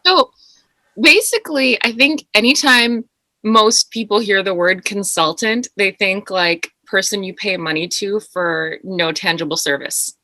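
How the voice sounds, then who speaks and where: A woman's voice: mid-range voice, unhurried, sharp tone, dry recording. A woman guest, a motivational speaker and coach, talking animatedly and laughing easily in a casual podcast interview.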